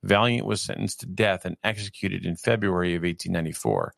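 Deep, gravelly man in his fifties from California; reads steadily, drifts into rambling asides; dry close sound. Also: no echo. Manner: reads evenly, then digresses in a halting conversational way. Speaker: reader and commentator. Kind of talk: reading aloud with personal asides.

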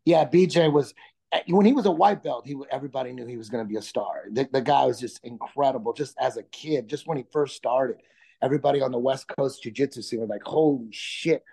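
A fast-talking, middle-aged comedian and jiu-jitsu instructor, interviewed as a guest, has a medium-pitched voice that is gravelly, husky, and warm. His manner is casual and relaxed, with frequent restarts and laughs that come easily.

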